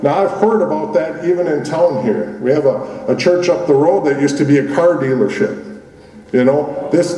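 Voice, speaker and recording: A man preaches in a casual, talky way, stopping to restart his thoughts and leaning on fillers. His voice is mellow and dark-toned, sitting at an ordinary pitch. The sound is distant, with a long reverb tail from a big hall. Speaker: pastor. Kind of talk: sermon. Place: church building that used to be a gym. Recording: roomy hall from far off.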